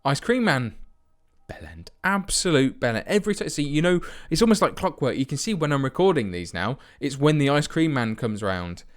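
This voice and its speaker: A man's voice: a little high, very animated, fairly quick, few pauses. A man giving sarcastic, ranting commentary on a football management game he plays at home. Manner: sarcastic, ranting, swears for comic effect. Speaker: let's play host.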